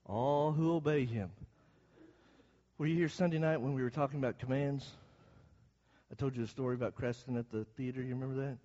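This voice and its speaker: A man's voice: medium pitch, steady tone, brisk, pauses often, dark tone, big-room sound, lo-fi sound. A man preaching a Bible class, explaining the text and asking his listeners questions as he goes. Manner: asks the audience questions as he explains.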